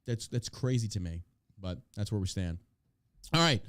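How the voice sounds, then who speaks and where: A man's voice: on the low side, animated, moderate pace, a little hiss or hum. A man hosting a podcast, ranting in a profane, sarcastic, casual way about politics. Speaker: podcast host.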